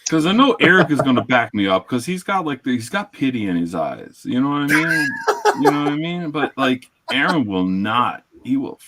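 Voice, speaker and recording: Man, stream host, casual profane banter, loud and rambling, average pitch. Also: big pitch swings, normal speed, noisy background. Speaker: livestream host.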